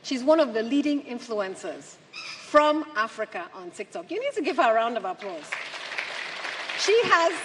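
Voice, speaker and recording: A woman's voice: fairly high pitch, big pitch swings, normal speed, crowd noise, noisy background. A woman giving a speech to an audience, emphatic and full of rhetorical questions. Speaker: conference speaker. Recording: long hall reverb.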